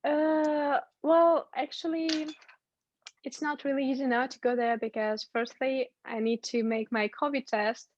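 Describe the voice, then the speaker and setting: A woman's voice: high-pitched, fairly even intonation, measured pace, no echo, lo-fi sound. Giggly young woman. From Uzbekistan. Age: young adult. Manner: giggly, upbeat, many fillers. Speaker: guest. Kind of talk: casual video-call chat. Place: home.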